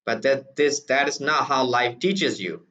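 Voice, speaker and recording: A man's voice: mid-range voice, unhurried, bright, forceful tone, voice pushed up. A man voicing a shrewd older male boss patiently lecturing a boy. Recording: distant, dull lo-fi recording.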